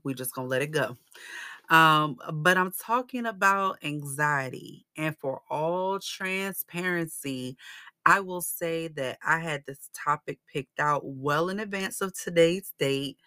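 A woman hosts her own faith-centered podcast, speaking in a low, unhurried voice. She talks earnestly and casually to her listeners, turning emphatic when she declares what she believes. The recording is dry, with no room sound. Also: pushed and bright, no room sound. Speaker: podcast host.

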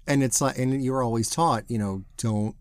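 Man from the american south, journalist co-host, dry wry quips, mid-pitched, close dry sound. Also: moderate pace, clean tone, no echo. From Southern United States. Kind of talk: casual chat.

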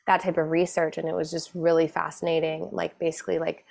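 Gravelly, low-voiced woman chatting on a podcast. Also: flat delivery, fast, darkish tone. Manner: chatty, frequent "like" fillers, laughs through stories. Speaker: guest, mindset coach. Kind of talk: casual podcast conversation.

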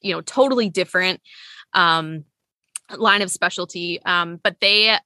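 A woman's voice: fairly low pitch, unhurried, pushed and bright, dry recording. A woman in her thirties, a nurse, chatting candidly in an interview with plenty of fillers and self-corrections. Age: 30s. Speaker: nurse and clinical educator, guest. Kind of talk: casual interview chat.

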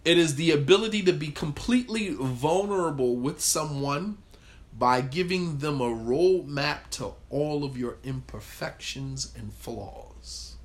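A man's voice: on the high side, measured pace. A man leading a group talk on marriage, speaking conversationally and acting out quoted lines. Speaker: marriage workshop leader.

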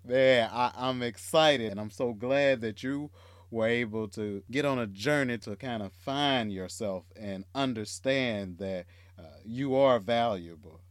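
A man's voice: medium pitch, unhurried, smooth, clean studio sound. A man hosting a podcast, affirming and echoing his guest with enthusiasm. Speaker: podcast host. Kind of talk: casual podcast chat.

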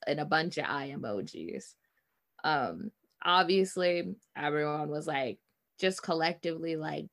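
A woman's voice: deep voice, unhurried. A woman co-hosting a podcast, retelling a story in a blunt, sarcastic way. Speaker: podcast co-host. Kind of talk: casual podcast chat.

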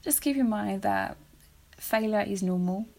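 A woman's voice: medium pitch, unhurried, creaky, darkish tone. A woman, hosting a podcast in casual, rambling chat. She is emotional and self-deprecating and laughs often. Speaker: podcast host.

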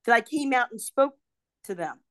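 A woman's voice: a little high, moderate pace, dry recording. An older woman telling stories in a casual chat over a video call, acting out the people she quotes. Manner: animated storyteller, acts out quoted voices. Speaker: podcast guest, host's mother.

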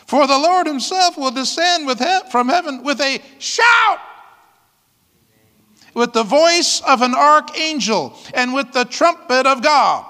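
A man's voice: very high-pitched, lively intonation, slow pace, pushed and bright, in a large hall. A man preaching a sermon as pastor, reading scripture aloud and breaking into whoops and laughter. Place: church.

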